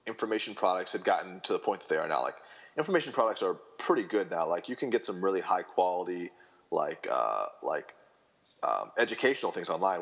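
Rambling, animated man telling stories. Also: deep voice, lo-fi sound. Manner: rambling, animated storytelling with many fillers and restarts. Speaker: guest. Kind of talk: casual podcast chat.

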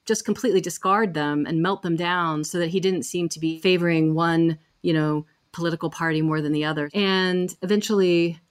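A woman guest telling a history at a measured pace. Her voice sits somewhat low, and she often repeats small words as she goes. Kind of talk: explanatory storytelling.

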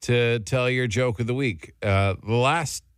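A man hosting a morning radio show, introducing a segment in animated banter with his co-hosts. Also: mid-range voice, a little slow, clean tone, no room sound, studio quality.

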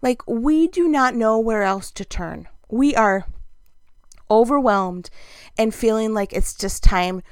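A woman's voice: fairly high pitch, lively intonation, slow pace, clear, resonant tone, no room sound. A middle-aged woman tells a chatty, self-deprecating story in a casual monologue and laughs often.

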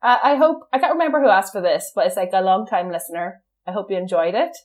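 A woman's voice: mid-range voice, quick pace. A young woman co-hosting a podcast, chatting casually and laughing often. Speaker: podcast co-host. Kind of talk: casual chat.

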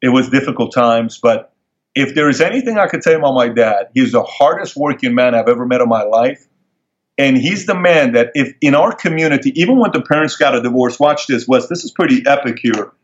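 A man's voice: medium pitch, animated, fairly quick. Intense, emphatic male guest with a mid-range voice, telling personal stories on a dull lo-fi recording. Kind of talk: emotional personal storytelling. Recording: dull lo-fi sound.

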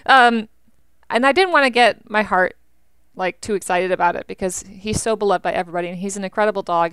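A young woman, a veteran, chatting in an interview with an animated, talkative manner full of "like". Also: medium pitch, clean tone, no room sound. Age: young adult. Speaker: veteran guest. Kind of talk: interview conversation.

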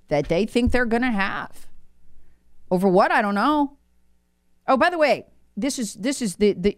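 A woman's voice: lowish voice, no room sound, studio quality. A woman speaking as a guest commentator, alarmed and insistent, often repeating words for emphasis.

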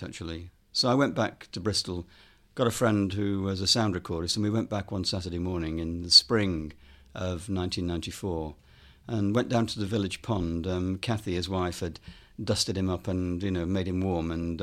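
A man with a fairly low voice tells a long anecdote as a podcast guest. He talks in a relaxed way, with frequent ums, and voices the people he quotes. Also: normal speed, hardly any pauses. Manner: relaxed, lots of ums, acts out quoted dialogue. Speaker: guest filmmaker and author. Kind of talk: anecdotal storytelling interview.

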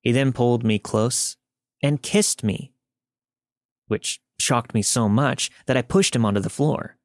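A man narrating a listener's true story in a steady, scripted podcast reading. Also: medium pitch, unhurried, dry recording, studio quality.

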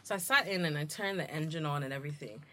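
A woman hosting a podcast, telling a story in a casual, animated and indignant way, acting out the dialogue. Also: sits low, fast, slight background noise. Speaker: podcast host.

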